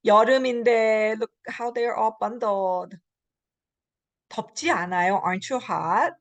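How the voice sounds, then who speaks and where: Talking fast in a fairly high voice, this woman is a college professor of Korean, her native language, delivering a recorded lecture. She uses lots of fillers and performs example phrases as she explains.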